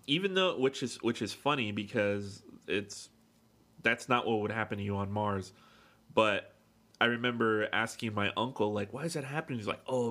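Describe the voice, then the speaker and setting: Bright-voiced man in loose movie chat. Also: fairly low pitch. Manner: swears freely, loose and rambling. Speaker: podcast co-host.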